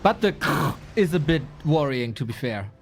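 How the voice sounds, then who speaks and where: A man's voice: on the high side, expressive, moderate pace, soft background music. A man casting a competitive strategy game, casual and playful, bantering with his co-caster and laughing often. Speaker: esports caster.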